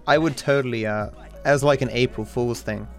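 A man chatting loosely on his stream at a middle pitch, swearing and restarting as he goes. Faint chill hop music plays under him. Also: normal speed. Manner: rambling, sweary, frequent restarts. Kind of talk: casual rambling chat.

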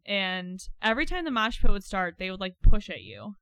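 A woman's voice: medium pitch, fairly quick, clean tone, no room sound. A woman guest on a podcast, chatting casually and telling stories with lots of acted-out quotes. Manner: animated storyteller acting out quotes. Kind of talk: casual chat.

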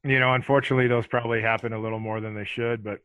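Bright-voiced rambling man telling stories. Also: medium pitch, rapid-fire, clean tone, dry recording, low-quality recording. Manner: rambling, profane, lots of filler words; animated, acts out other people's lines. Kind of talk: casual storytelling chat.

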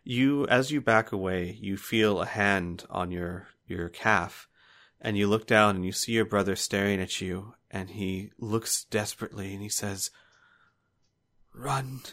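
A man narrating a tabletop game as game master, halting now and then with fillers. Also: fairly low pitch, fairly even intonation, a bit bright.

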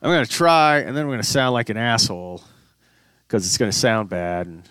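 A man's voice: on the low side, lively intonation, fairly quick, a bit bright, clean tone, dry recording, clean studio sound. A young man co-hosting a casual comedy podcast, rambling through a story with plenty of fillers and casual swearing. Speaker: podcast co-host.

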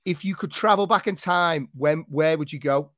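Man, podcast host, slightly high voice, dry close sound, banter and laughs. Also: moderate pace, a bit bright, dry recording. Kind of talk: casual chat.

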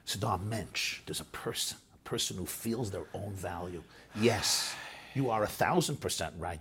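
Deep husky rabbi telling stories. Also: male voice, animated, moderate pace, fairly bright tone. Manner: earnest, sprinkles Hebrew and Yiddish terms. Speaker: rabbi and lecturer. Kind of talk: impassioned storytelling.

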